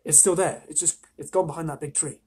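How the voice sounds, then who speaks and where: A man reading a storybook aloud, lifting his voice a little for a steady, brave eldest boy. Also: fairly high pitch, a little fast, husky.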